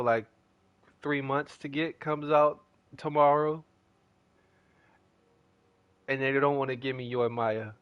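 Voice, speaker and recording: A man's voice: mid-range voice, a bit bright, dry recording, highs cut off. A young man chatting casually as a gaming streamer, telling a rambling story in slangy talk.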